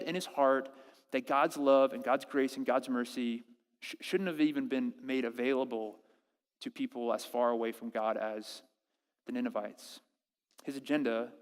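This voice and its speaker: A man preaching a sermon as pastor, animated and acting out quoted prayers with halting restarts. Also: medium pitch, long reverb tail. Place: church service.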